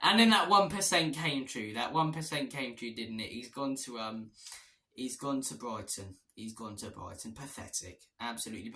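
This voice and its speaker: A football fan vlogger delivers transfer news as an exasperated, repetitive rant. His mid-range, sharp voice is expressive at a moderate pace, and the recording has a roomy echo.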